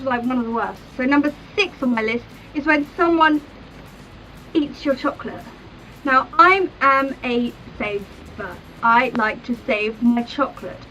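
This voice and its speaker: A young woman vlogging a chatty comedic rant, animated and exaggerated, in a dull, distant recording with faint music behind. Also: a little high. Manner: animated, exaggerated, acts out little scenes.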